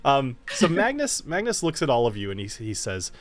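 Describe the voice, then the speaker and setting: Brief: easygoing male dungeon master, lively animated pitch, casual and self-deprecating narration. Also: normal speed. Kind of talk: narrating a tabletop game.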